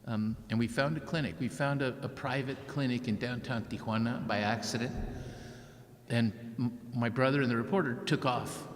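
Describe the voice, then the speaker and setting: A man's voice: medium pitch, steady tone, moderate pace. A man giving a keynote speech as an author, telling a story vividly and acting out what people said. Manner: vivid storyteller who acts out quotes. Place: large church hall. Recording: long church reverb.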